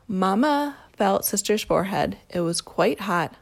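A woman reads a children's picture book aloud at a calm, steady pace. Her voice sits at a middle pitch with a gravelly fry running through it. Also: unhurried. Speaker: storybook reader.

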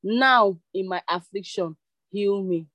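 A woman's voice: medium pitch, slow pace, a bit bright, no room sound. A woman reading the cries of a blind beggar man asking to be healed. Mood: pleading.

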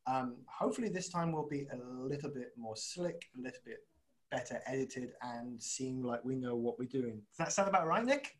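With an animated, mid-range voice at a moderate pace, this man co-hosts a podcast, chatting casually and poking fun at himself as he poses long, meandering questions. Audio quality is poor.

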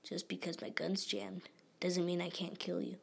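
A woman's voice: on the low side, level tone, normal speed, gravelly, slightly rough, heavily acted. A woman whispering as a smug boy spy. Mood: menacing. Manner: smirking, cold. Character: boy turned German spy, smug and menacing.

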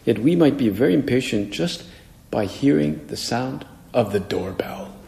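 A man's voice: mid-range voice, moderate pace, creaky, warm tone, slight background noise. A man, a priest, preaching a homily in a conversational way and acting out the voices he quotes. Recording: echoey hall with long reverb.

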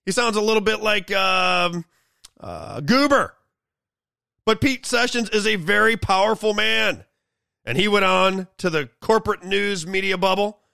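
Brief: male show host, sarcastic political rant, high gravelly voice, dry close sound. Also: lively intonation, unhurried, sharp tone, dry recording. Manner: sarcastic, mocking. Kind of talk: political commentary monologue.

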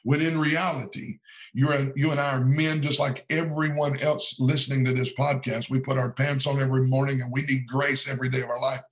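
A man talking about his book as a podcast guest, with the earnest rise and fall of a preacher. His pitch sits in an ordinary middle range, and he often repeats phrases as he builds a point. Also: little pitch movement, a little fast, rough recording. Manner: earnest, sermon-like cadence with repetitions. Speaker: pastor and author, podcast guest. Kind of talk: preaching-style podcast talk.

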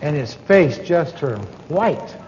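A man's voice: on the high side, lively intonation, slow, a little mellow, a little hiss or hum. A man telling a story in a sermon, folksy and self-deprecating, with many asides and restarts. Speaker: preacher teaching on evangelism. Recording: dull sound with long hall reverb.

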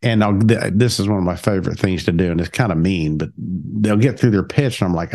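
A middle-aged man swapping sales stories in a relaxed chat. He talks with lively ups and downs in his voice. He slips in and out of the people in his stories. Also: lowish voice, normal speed. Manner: animated, acts out both sides of his stories. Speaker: podcast co-host. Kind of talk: casual storytelling chat.

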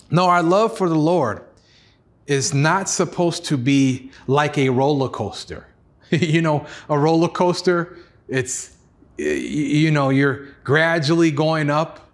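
A man preaching a sermon as pastor, earnest, acting out voices with sudden rises in pitch. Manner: earnest preaching, acts out God's pleading voice, rises high for excited lines.

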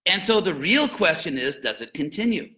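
A man speaking in a somewhat high register and a bright, forceful tone. He lectures informally on philosophy, wandering off into jokey asides before returning to his point. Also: sing-song, moderate pace, poor audio.

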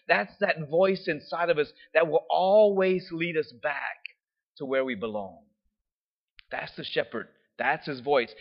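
Male preacher, slightly higher voice, chatty sermon delivery, dull lo-fi recording. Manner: conversational, keeps asking "right?". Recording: dull lo-fi sound.

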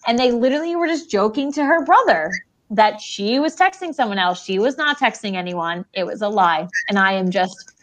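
A woman's voice: medium pitch, expressive, moderate pace. A woman co-hosting a podcast in casual chat, telling stories in a dramatic, indignant way. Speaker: podcast co-host.

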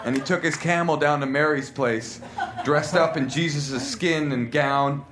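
A man doing a comic reading of explicit fiction at a live comedy club, voicing the characters' lines dramatically. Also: measured pace. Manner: reads dramatically, voices characters with raised pitch. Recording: echoey live club room, faint noise.

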